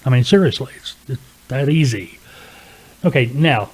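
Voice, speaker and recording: A man's voice: medium pitch, expressive, normal speed, husky. Plain-spoken man coaching sales calls. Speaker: freight broker trainer. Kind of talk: instructional talk to camera.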